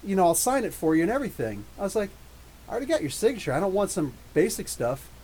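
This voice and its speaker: A man with a high voice chats through an excited story on his podcast. He acts out lines of dialogue as he goes, and his delivery stays loose and animated. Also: quick pace, slight background noise, rough recording. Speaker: podcast host. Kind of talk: casual live storytelling.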